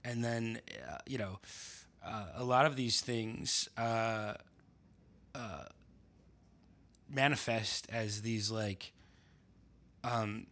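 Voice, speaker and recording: Casting: man, bright forceful tone, hesitant and full of fillers, relaxed chat. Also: on the low side. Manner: halting, many fillers and restarts. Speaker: podcast guest, essayist. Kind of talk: casual conversation.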